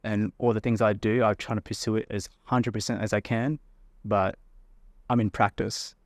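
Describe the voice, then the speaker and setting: A man's voice: on the low side, normal speed, no echo, studio quality. A man from Darwin with an Australian accent, a podcast guest chatting casually and acting out quoted exchanges with frequent laughs. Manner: animated storyteller, acts out quotes, laughs often. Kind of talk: casual chat.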